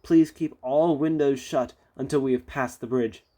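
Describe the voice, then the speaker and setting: A man's voice: mid-range voice, steady tone, normal speed, warm tone, lightly acted. A man voicing a sensible engine driver who explains things steadily in a storybook reading. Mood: calm. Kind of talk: storybook read-aloud.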